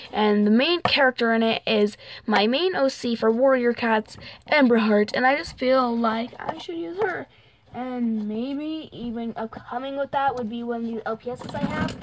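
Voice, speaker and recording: A woman's voice: sits high, background noise. A young woman hosting a casual home vlog, talking in a rambling way with fillers, trailing off and small giggles. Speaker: channel host.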